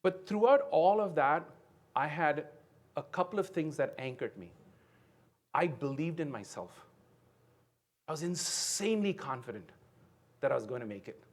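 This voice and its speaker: A man in his fifties, originally from India, delivers a motivational keynote at a conference. His voice sits a little higher than most men's, and he tells his story in an earnest way, often tagging his sentences with "right?". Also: expressive, normal speed, long pauses. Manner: earnest storytelling with frequent "right?" tag questions. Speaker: keynote speaker. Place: conference venue.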